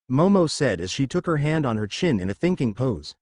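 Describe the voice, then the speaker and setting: A man reading a fan story aloud in an animated storytelling manner on a close mic. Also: mid-range voice, a little fast, no room sound. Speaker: fanfic narrator.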